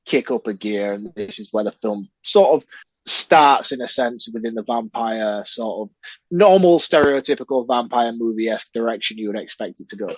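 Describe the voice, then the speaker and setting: A man's voice: medium pitch, moderate pace, breathy edge, no echo, lo-fi sound. A man co-hosting a podcast, casually recapping a film scene by scene and acting out the characters' lines. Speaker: podcast co-host. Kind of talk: casual film review chat.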